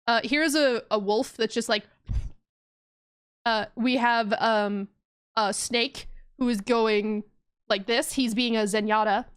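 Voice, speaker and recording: Young woman game streamer, high voice, unhurried and giggly, dry close sound. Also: steady tone, clear, resonant tone, dry recording. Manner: giggly and playful, often laughing. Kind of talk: casual gameplay commentary.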